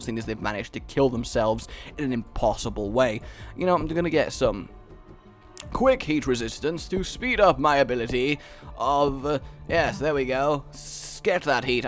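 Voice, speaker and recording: A man from Scotland doing joking let's-play commentary, talking to himself and the game and laughing often. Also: mid-range voice. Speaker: gaming YouTuber.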